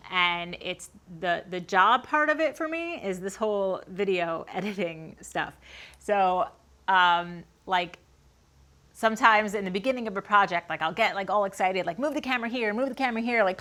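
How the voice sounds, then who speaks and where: A woman with a Long Island accent, chatting casually to camera as host of her woodworking channel, quick to laugh and full of "like" fillers. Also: medium pitch, a bit bright. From Long Island, New York. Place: detached garage workshop.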